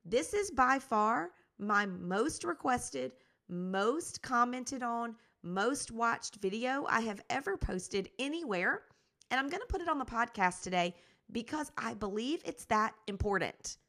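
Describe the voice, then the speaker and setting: A woman's voice: on the high side, expressive, unhurried, fairly bright tone. A woman hosting her own gardening podcast, talking in an upbeat, encouraging, conversational way. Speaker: podcast host and garden coach. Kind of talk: casual podcast talk.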